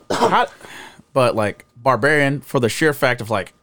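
Animated, joking man on a podcast. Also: mid-range voice, a little slow, no echo. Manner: animated, jokey storyteller. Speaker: podcast regular. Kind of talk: casual chat.

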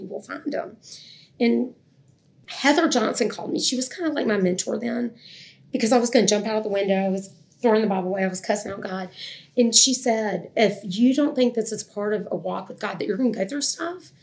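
A woman's voice: medium pitch, vocal fry, darkish tone. A middle-aged woman, telling a personal story in an earnest, candid way. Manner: earnest, candid, quotes others' words. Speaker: guest telling her adoption story.

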